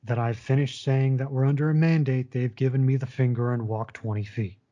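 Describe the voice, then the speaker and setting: A man telling his own story in a frank, blunt way, and he does not hold back his swearing. His voice is dark and mellow, and it sits in an even middle register. The recording is dull and lo-fi. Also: mid-range voice, a little fast. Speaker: storyteller recounting his retail job. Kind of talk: casual spoken personal story.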